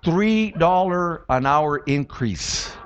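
A pastor preaches in a church in a conversational style, cracking jokes and often checking with his audience by asking "right?" His voice is fairly high-pitched, and the recording has its highs cut off.

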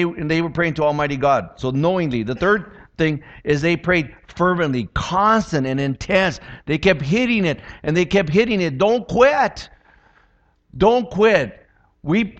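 A man's voice: high-pitched, a bit bright, lo-fi sound. A pastor giving a sermon in a conversational way, joking and often asking his listeners "right?". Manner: conversational preaching with jokes and repeated questions. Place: church.

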